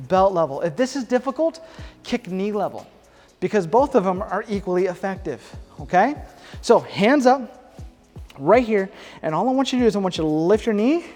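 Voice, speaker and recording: A man's voice: high voice, darkish tone, big-room sound. A man teaching a beginner martial arts class, coaching viewers in an upbeat, encouraging way. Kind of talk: home workout class instruction.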